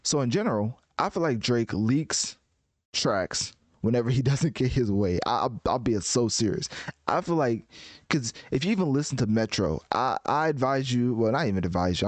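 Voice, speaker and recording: A man giving casual music commentary in a rambling, animated way, often restarting his sentences. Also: medium pitch, dry recording.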